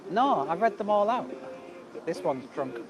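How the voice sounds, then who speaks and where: A man with a high voice and wide pitch swings jokes his way through a live stream while cycling by a river, reading viewers' comments aloud in a chatty, unhurried manner. There's background noise from the outdoor setting.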